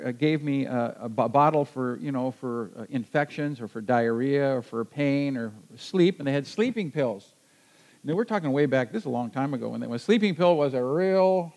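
A man telling a personal adventure story to a listener, lively and halting, with frequent restarts. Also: on the high side, creaky, rough recording.

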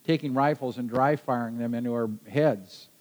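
A man's voice: medium pitch, rough recording. Man telling an adventure story. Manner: lively, halting with frequent restarts.

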